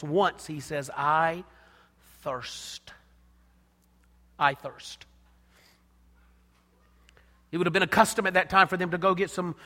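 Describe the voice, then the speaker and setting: Impassioned preacher in a reverberant hall. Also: male voice, high-pitched. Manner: impassioned, swinging from hushed to loud. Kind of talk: sermon.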